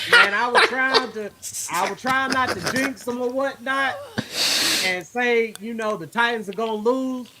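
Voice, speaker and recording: A man's voice: very high-pitched, animated, a little slow, crowd noise. A man co-hosting a sports podcast, laid-back and profane, tacking "man" onto nearly every line. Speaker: podcast co-host. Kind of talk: casual sports podcast chat.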